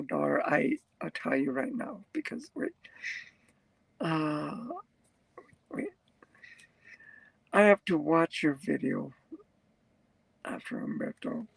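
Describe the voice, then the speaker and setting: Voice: medium pitch, big pitch swings, slow, creaky, pauses often, breathy edge, no echo, rough recording. A truck driver talking casually to viewers on a live stream, rambling, reading comments aloud and laughing often.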